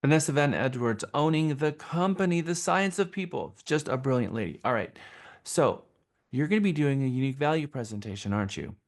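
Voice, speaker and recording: A man's voice: mid-range voice, lively intonation, brisk. A man leading a live sales training session, talking in an enthusiastic, emphatic way and repeating phrases for stress.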